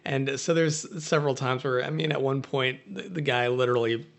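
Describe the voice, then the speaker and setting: A man's voice: medium pitch, steady tone, a little fast, gravelly. Man, podcast guest, film buff, casual chat, rambling, filler-heavy. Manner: rambling retelling with many fillers and restarts.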